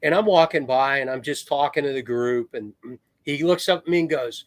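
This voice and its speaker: A middle-aged American man, a retired Marine officer, telling anecdotes as a podcast guest with lively swings in his voice. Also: mid-range voice, normal speed, no echo. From United States. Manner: animated storyteller, swings into raised voice.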